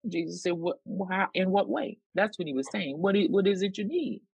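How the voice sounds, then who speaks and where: A minister teaching on prayer, animated and acting out sample prayers with emphasis. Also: medium pitch, brisk, gravelly, breathy edge, no echo, highs cut off. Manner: animated, specific, acts out prayers. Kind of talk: Bible teaching sermon.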